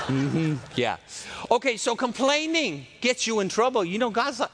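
High-voiced preacher. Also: male voice, sing-song, moderate pace, slight background noise. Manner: folksy, joking, drops into character voices, swings loud and soft. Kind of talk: lively sermon.

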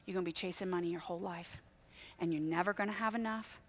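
A woman pastor, preaching with animated storytelling and dramatic swings from loud to hushed. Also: lowish voice, fast talker. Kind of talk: sermon.

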